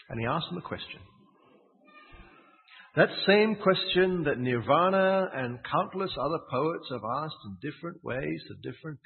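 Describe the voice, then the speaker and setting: Brief: male preacher, animated storyteller, raised pitch, phone-thin sound with a long hall echo. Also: creaky, phone-quality sound. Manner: storytelling, with asides and rhetorical questions. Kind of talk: sermon.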